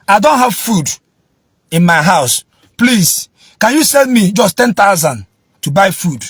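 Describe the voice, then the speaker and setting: A man's voice: sits high, sing-song, measured pace, slightly rough, no echo, clean studio sound. A man with a Nigerian Igbo accent, stammering and repeating himself as he pleads for help and then preaches. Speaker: social media speaker begging for help, then preaching.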